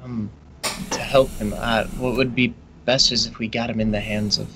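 Gravelly man speaking hesitantly in character. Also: mid-range voice, little pitch movement, background noise. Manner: hesitant, halting in-character speech. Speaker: player. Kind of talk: tabletop role-play, in character.

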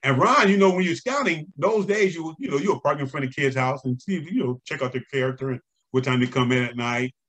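Older male guest, mid-pitched, animated storyteller, chuckles often. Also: fast. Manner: animated, chuckling, acts out quoted voices. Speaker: interview guest, former umpire and scout. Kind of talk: conversational storytelling.

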